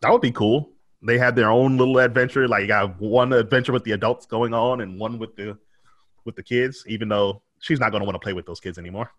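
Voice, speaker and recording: A man's voice: on the low side, steady tone, a little fast, muffled recording. A man co-hosting a podcast, chatting casually and joking with profanity about a TV episode. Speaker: podcast co-host.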